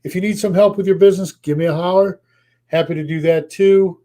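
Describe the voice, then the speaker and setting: Sales coach guy, fairly high voice but mellow, keeps hammering the same points, voice a bit tired. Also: steady tone, fairly quick. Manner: emphatic, repeats key phrases. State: voice tiring. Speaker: real estate sales coach. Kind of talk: motivational coaching session.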